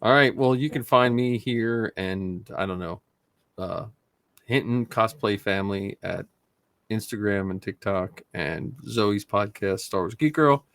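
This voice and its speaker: Low-voiced man, dry close sound. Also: a little slow, a bit bright, no echo. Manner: loose, self-deprecating, trailing off. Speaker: podcast host. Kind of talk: casual podcast chat.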